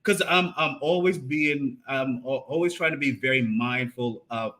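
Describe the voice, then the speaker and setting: A man co-hosting a marriage podcast, talking in an animated, casual way and often repeating and restarting his phrases. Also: medium pitch, moderate pace. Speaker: podcast co-host. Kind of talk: casual conversation about marriage.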